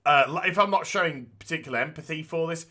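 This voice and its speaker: A man's voice: on the high side, fast talker, bright, forceful tone. A man co-hosting a casual podcast, talking bluntly with lots of swearing and restarts. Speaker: podcast co-host.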